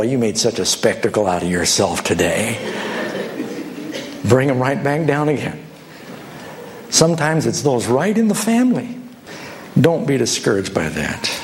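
A man's voice: a little high, a little hiss or hum. A man preaching a sermon, telling stories and acting out the dialogue in changing voices. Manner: animated storytelling, acts out dialogue with shifting voices.

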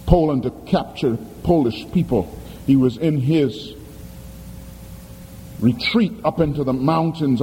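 A man's voice: mid-range voice, dark tone, slight background noise. A man preaching a sermon as pastor, dramatic and emphatic, posing questions to the congregation. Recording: echoey hall with faint ambience.

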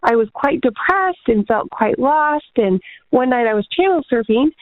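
A woman's voice: high voice, animated, moderate pace, no echo. A woman calling in to a Bible radio show, earnestly sharing a testimony before asking her question. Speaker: caller. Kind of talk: phone call to radio show. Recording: tinny phone line.

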